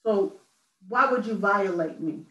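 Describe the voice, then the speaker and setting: A woman's voice: mid-range voice, measured pace, a bit bright, muffled recording. A woman songwriter speaking earnestly in an interview, searching for her words and repeating key phrases. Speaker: guest songwriter and poet. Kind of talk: personal testimony in interview. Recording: roomy echo from a distant mic.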